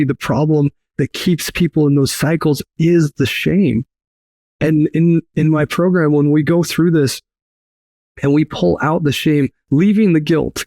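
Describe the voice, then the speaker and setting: Guy on a podcast talking earnestly, bit of vocal fry, dry close mic. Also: a little high, a little mellow, no echo. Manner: earnest, emphatic, repeats key phrases. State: briefly emotional. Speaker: podcast guest, author. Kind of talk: earnest interview talk.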